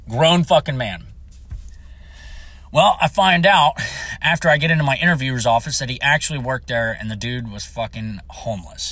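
Foul-mouthed Marine vet, bright and forceful. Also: male voice, mid-range voice, no room sound. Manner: heavy swearing, blunt and heated. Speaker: Marine veteran telling a story. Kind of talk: profane storytelling rant.

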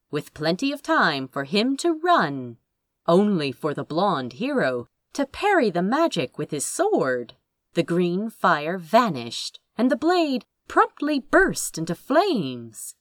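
A woman narrating a fantasy audiobook in an expressive, wry storytelling manner. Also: lowish voice, dry recording, clean studio sound.

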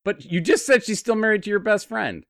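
A man's voice: sits high, fairly quick, fairly bright tone, no echo. A man co-hosting a comedy podcast, tossing in dry, absurd one-liners and jokes. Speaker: podcast co-host. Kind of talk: comedic banter.

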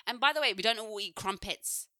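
A woman's voice: medium pitch, brisk, pushed and bright, no room sound, studio quality. A woman co-hosting a podcast in casual chat, blunt and swearing freely, laughing often. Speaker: podcast co-host.

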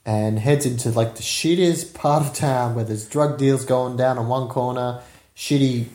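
A man co-hosts a casual film podcast, retelling scenes with swearing and laughter. His voice is mellow and relaxed. The room around him is echoey. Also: medium pitch, measured pace. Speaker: podcast co-host. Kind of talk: casual movie recap chat.

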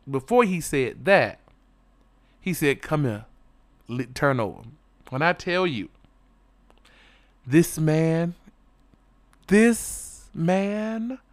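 A man telling an explicit personal story in a flamboyant, dramatic way, breaking into sudden loud exclamations. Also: high voice, smooth, dry recording, clean studio sound.

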